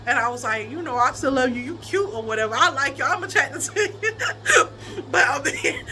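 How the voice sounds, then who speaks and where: A young adult woman in casual storytelling chat, animated, often laughing and breaking into high squeals. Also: moderate pace, slight background noise. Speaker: vlogger telling a personal story.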